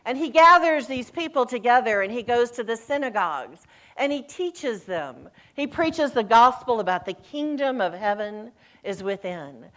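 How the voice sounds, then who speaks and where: Woman, minister, sermon, animated storytelling, middle-aged. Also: a little high, normal speed. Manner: lively storytelling, voice rising and falling, acts out quoted lines. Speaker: senior minister.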